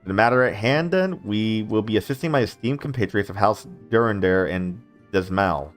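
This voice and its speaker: A man's voice: on the low side, close to an everyday voice. A man reading a stiff proud knight. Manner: formal, stiff, measured. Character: stiff proud young knight, eldest noble son.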